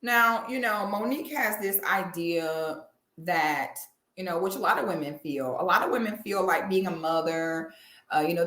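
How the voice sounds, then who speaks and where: A woman's voice: lowish voice, sharp tone. Blunt, sassy woman in an echoey room. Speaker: commentary vlogger. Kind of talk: opinionated commentary.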